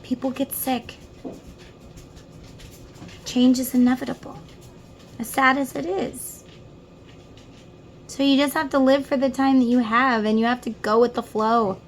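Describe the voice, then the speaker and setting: A middle-aged tarot reader speaks in a high, steady voice at a measured pace, leaving long pauses, with slight background noise. Her casual reading is earnest and heartfelt, aimed right at the listener.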